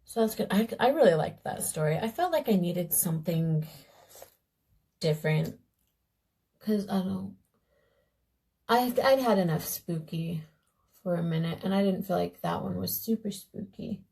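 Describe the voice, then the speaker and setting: A woman's voice: lowish voice, expressive, measured pace, creaky, long pauses, dark tone, low-quality recording. A young woman vlogger telling a fairy tale in a casual, meandering way while doing her makeup. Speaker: beauty vlogger.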